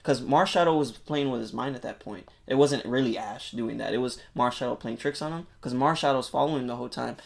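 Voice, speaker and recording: Gravelly guy excitedly recapping a movie. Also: medium pitch, brisk, hardly any pauses. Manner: excited rambling movie recap, heavy filler words and swearing. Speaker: podcast co-host. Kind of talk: casual chat.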